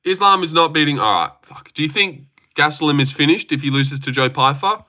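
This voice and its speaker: A young man runs a casual livestream, answering his chat in a brash, swearing, teasing way. His voice sits a little high for a man and rings very bright and forceful. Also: animated, fairly quick. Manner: brash and profane, banters with chat. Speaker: livestream host.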